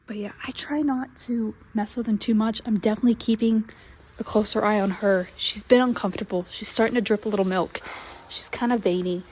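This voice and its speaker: A woman filming a casual vlog while walking a horse barn at midnight, speaking quietly and often whispering so she won't disturb the mares. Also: medium pitch, fairly even intonation, a little fast, slight background noise. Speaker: horse breeder vlogger. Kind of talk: casual vlog, hushed late-night barn walk. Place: dark horse barn at night.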